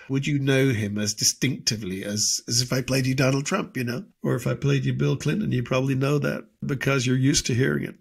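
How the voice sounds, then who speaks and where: A man's voice: mid-range voice, a bit bright, slightly rough. A man, a guest impressionist, chatting in an interview and slipping into voices mid-sentence. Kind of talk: casual interview chat.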